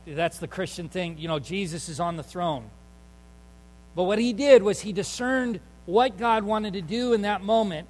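A man's voice: sits high, long reverb tail, rough recording. A male pastor preaching a sermon in an earnest, conversational storytelling way, with fillers and emphatic turns.

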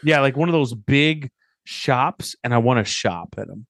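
A man's voice: medium pitch, measured pace, fairly bright tone, no room sound. Thirties guy on a podcast telling funny stories, doing everyone's lines, dry close mic. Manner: storytelling, joking, acts out quotes. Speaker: podcast co-host. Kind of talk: casual chat.

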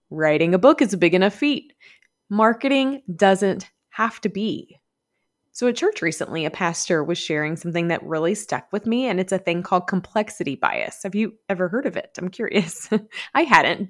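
A woman with a Southern US accent hosting a podcast, talking chattily and upbeat and laughing often. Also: on the low side. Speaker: podcast host. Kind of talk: podcast monologue.

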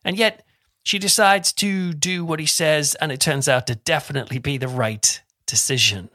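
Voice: medium pitch, moderate pace, sharp tone, no echo, clean studio sound. A YouTuber giving a conversational reflection on a Bible passage, chatty and informal with asides and restarts.

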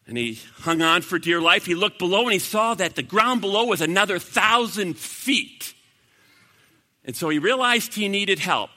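Energetic preacher, bright ringing voice. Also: male voice, high-pitched, moderate pace. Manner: energetic, shifts from loud bursts to hushed earnest talk. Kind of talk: evangelistic sermon with audience interplay. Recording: long reverb of a large hall.

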